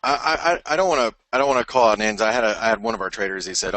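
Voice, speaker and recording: A man's voice: lowish voice, quick pace, hardly any pauses, fairly bright tone, dry recording. A man hosting a live trading webinar, talking through charts in a rambling, frank way, often stopping and restarting mid-thought. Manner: rambling, self-interrupting, frank.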